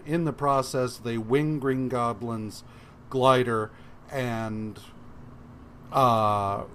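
A slow, unhurried man chats through a comic-book story on a podcast. He swears freely and slips into the characters' lines as he retells. His pitch sits in the middle range. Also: a bit bright, a little hiss or hum. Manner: profane, acts out characters' lines while retelling. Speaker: podcast co-host. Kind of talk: casual comic-book recap chat.

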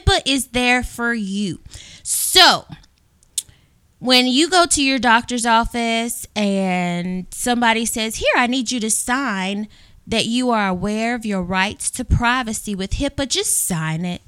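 Southern lady cohost, unhurried playful chatter, dry close sound. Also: fairly high pitch, bright, forceful tone, clean tone, no echo. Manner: playful, talkative, storytelling. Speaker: podcast co-host. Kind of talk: casual podcast chat.

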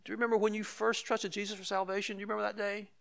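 High-voiced older male pastor preaching. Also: flat delivery, racing, gravelly, a bit bright. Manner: conversational preaching with emphatic repetition and asides. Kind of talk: sermon.

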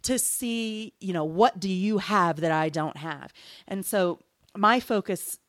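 A woman's voice: mid-range voice, slow, dry recording, studio quality. A woman co-hosting a Christian radio show, sharing heartfelt reflections on a Bible passage.

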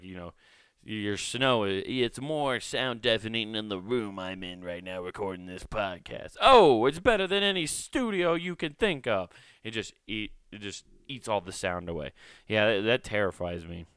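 Guy rambling on his podcast, swears a lot, kinda low smooth voice, dry small room. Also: a bit bright, no echo. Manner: rambling, profane, restarts often. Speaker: podcast host. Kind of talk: casual solo podcast monologue.

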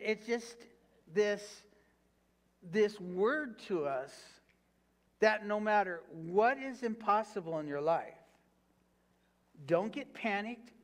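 A man pastor preaching a sermon, reading scripture aloud and urging the congregation to repeat lines back to him. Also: high voice. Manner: preaching with call-and-response prompts to the congregation; reads scripture aloud, then applies it with fervent repetition.

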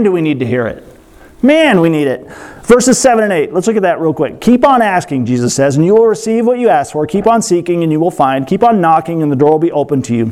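A man preaching a sermon in a lively, conversational way, acting out quotes with playful voices. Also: a little high. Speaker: pastor.

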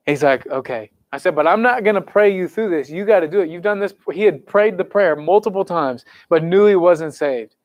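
Speaking fairly quickly with hardly any pauses, a high-pitched young man gives a sermon to students and counselors, telling a conversion story before leading them in prayer. The camp speaker is earnest and conversational and quotes people casually. There's no room sound, and the highs are cut off.

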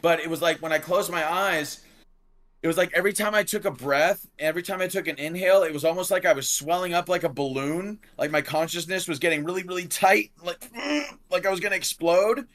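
A man in casual talk show conversation telling a long story, acting out quotes loudly, swearing freely and saying "like" often. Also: sits high, brisk. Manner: animated, acts out quotes in raised voice. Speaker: podcast guest.

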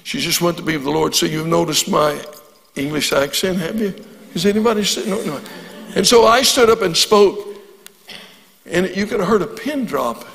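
An older man preaching a sermon in a voice pitched high for a man. He tells stories and builds into fervent prayer. His words ring out with a long reverb through a large hall. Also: normal speed, gravelly, fairly bright tone. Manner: storytelling, rises to fervent prayer. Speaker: guest preacher.

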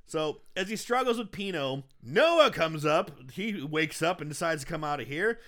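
A man co-hosting a casual podcast, retelling a movie plot with animated energy and acting out the characters' lines. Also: a little high, moderate pace. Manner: animated storyteller, acts out characters in shifting voices. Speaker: podcast co-host. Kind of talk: casual movie recap chat.

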